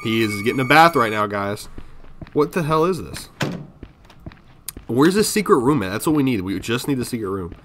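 A man's voice: mid-range voice, animated, normal speed, pauses often, a little hiss or hum. A man giving casual commentary on a horror game, jumpy and swearing, talking to himself and his viewers. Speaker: gaming video creator.

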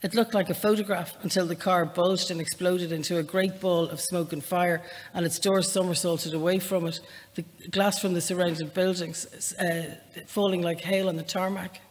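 A woman with an Irish accent tinged with northern tones, an author chatting in a self-deprecating way and then reading from her novel in a measured voice at a live library event. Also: on the low side, fairly even intonation. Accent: Irish, with a northern lilt. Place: public library event space, indoors. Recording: live reading with long hall reverb.

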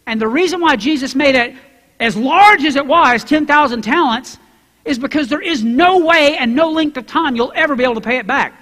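A man preaching a sermon as a pastor, acting out Bible characters in quoted voices and building to loud, emphatic preaching. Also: very high-pitched, brisk, big-room sound. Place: church sanctuary.

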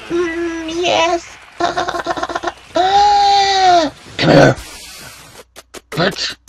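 A man giving loud, excitable gameplay commentary, swearing a lot and bursting out in yells. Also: high voice, slight background noise. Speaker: gaming channel host.

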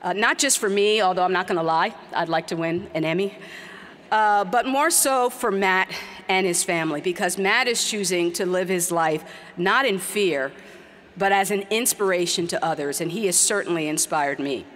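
A woman's voice: fairly low pitch, fairly bright tone, slight background noise. A middle-aged woman giving an earnest, emphatic commencement speech. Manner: earnest, emphatic with slow, repeated exhortations. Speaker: commencement speaker. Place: large hall. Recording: long hall reverb.

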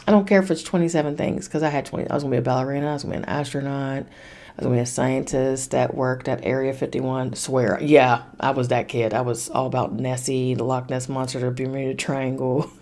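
Low, mellow-voiced woman podcaster. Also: fairly even intonation, brisk. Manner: blunt and emphatic, swears freely, repeats commands. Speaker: podcast host. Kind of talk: casual spiritual self-help talk.

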